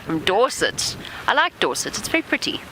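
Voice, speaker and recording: A woman presenting a live safari broadcast from an open vehicle, chatting lively and talking softly to animals. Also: medium pitch, normal speed, a little hiss or hum, low-quality recording. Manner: chatty, warm toward animals, lively asides. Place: open safari vehicle outdoors in rain and wind.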